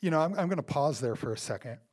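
A male pastor delivers a sermon in a somewhat high voice. He leans hard on his points, repeating words for stress. His delivery swings from loud, forceful bursts to quiet asides. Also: lively intonation, fast talker. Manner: dramatic swings between loud and hushed.

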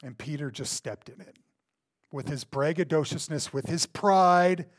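A pastor preaching a sermon who stresses points by repeating words and swings between loud bursts and hushed asides. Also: male voice, a little high, a little slow.

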